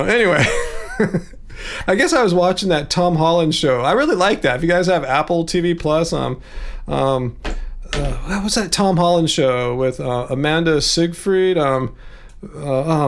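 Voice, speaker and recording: A man hosting a casual livestream. He rambles, chuckles often and drops animated asides. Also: fairly high pitch, unhurried. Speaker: livestream host.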